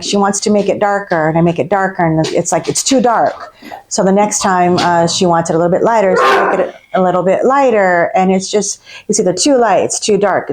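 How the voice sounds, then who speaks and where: A hairstylist tells the camera a story about a difficult client, sounding candid and exasperated. Her voice is on the low side with a darkish tone.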